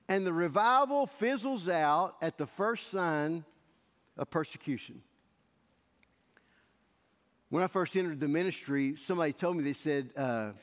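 A male pastor preaching a sermon in a church sanctuary, telling the story in an animated way and acting out the scenes. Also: a little high, a little slow, long pauses. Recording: echoey church hall.

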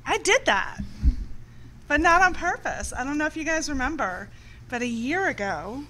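A woman's voice: high-pitched, sing-song, moderate pace, bright, forceful tone, a little hiss or hum, rough recording. A middle-aged woman hosting a frank, casual chat show and swearing freely. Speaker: host.

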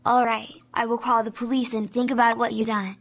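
A woman's voice: on the high side, little pitch movement, fairly quick. A synthetic woman's voice playing a foul-mouthed computer error program that scolds and threatens.

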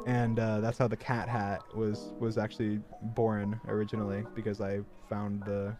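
Over music, a young streamer spins a long, rambling story on his livestream, full of filler, mocking himself and breaking into laughter. His voice sits on the low side with little pitch movement, a moderate pace and few pauses.

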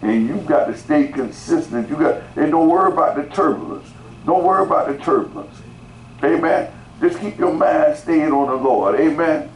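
A man's voice: a little high, animated, normal speed. A male pastor preaches a sermon, repeating words and calling out to the congregation in rising bursts. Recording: roomy echo, faint background noise.

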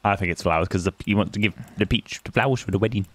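A man's voice: fairly low pitch, rapid-fire, dry recording. A man, teasing and swearing freely in casual gaming chat. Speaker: streamer.

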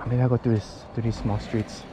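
A man's voice: mid-range voice, flat delivery, brisk, noisy background. A man vlogging while riding a bicycle outdoors, talking casually in a rambling way with many fillers and restarts, a little out of breath. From United States. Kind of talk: casual chat while cycling.

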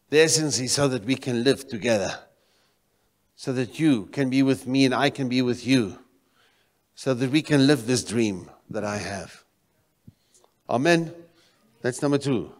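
A man from South Africa delivers a sermon in an ordinary middle-pitched voice, alternating between loud exclamations and quiet emphasis. His voice carries a long reverberant tail from a church sanctuary. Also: unhurried, long pauses. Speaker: pastor.

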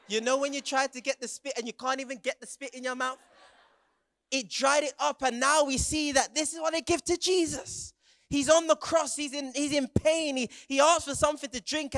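A young man preaches with a strikingly high voice, telling the story in vivid, graphic detail. He stumbles through quick restarts and calls on his listeners to stand and shout along. The sound is dry and close, with almost no room echo. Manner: vivid, graphic retelling with frequent stammered restarts and audience prompts. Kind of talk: dramatic sermon storytelling to young people.

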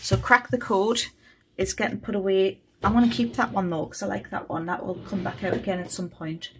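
A woman's voice: medium pitch, steady tone, fairly quick, background noise. A woman chatting casually on a budgeting vlog, thinking aloud as she counts money. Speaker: budgeting vlogger. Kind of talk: casual chat while cash stuffing.

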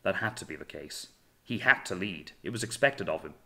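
A man reading a novel aloud in measured, dramatic storytelling narration. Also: low voice, animated, gravelly, bright, forceful tone. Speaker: audiobook narrator. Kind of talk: scripted narration.

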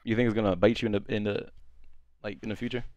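A man's voice: fairly low pitch, level tone, fast, darkish tone, no room sound. A young man, drunk, chatting casually on a streamed dating show, rambling and stuttering with lots of slang. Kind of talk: casual chat.

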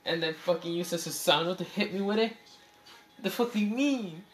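A man voicing a male ninja who complains loudly about being hurt, swearing and indignant. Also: high-pitched, moderate pace, pitched above the performer's own voice, lightly acted. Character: male ninja whining in pain.

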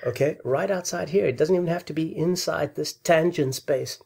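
Male math channel host, fired-up, insulting lecture rant; low, mellow tone. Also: normal speed, vocal fry, husky. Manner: angry, insulting, worked up. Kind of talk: ranting math video lecture.

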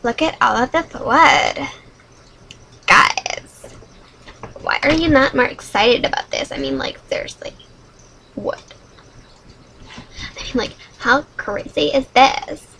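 Woman, gaming host, high voice, unhurried talk, dramatic chatter, sudden squeals. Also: very animated, gravelly, sharp tone, slight background noise, poor audio. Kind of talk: solo game commentary.

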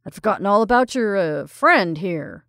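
A booming, hearty gentleman of the house, stern when surprised and jovial as a host, as a woman reading a story puts him on. He exclaims his lines with force. The sound is dry and close, with no room around it. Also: expressive, moderate pace, no room sound.

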